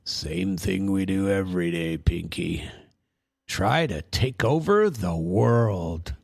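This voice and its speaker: A scheming male cartoon mouse genius speaks in a flat, self-important deadpan, as a man puts him on. His voice sits a bit low and even. The sound is dry and close. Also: slow pace, gravelly, slightly rough, no echo, heavily acted.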